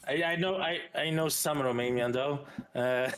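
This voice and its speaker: A man's voice: a little high, unhurried, fairly bright tone. A man with a Flemish Belgian accent chatting casually as a streamer host, rambling and hesitating as he goes.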